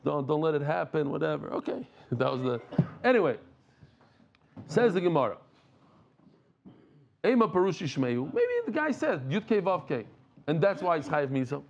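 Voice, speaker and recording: A man teaching a lively Talmud class, rambling and animated, mixing in Yiddish and Hebrew terms. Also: on the high side, moderate pace, pauses often, lo-fi sound, a little hiss or hum. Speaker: Daf Yomi teacher.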